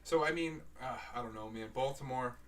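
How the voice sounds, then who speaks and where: A man's voice: medium pitch, a little fast, a bit bright. A man co-hosting a casual live-streamed show over a video call, laid-back and calling people bro and man. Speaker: podcast co-host.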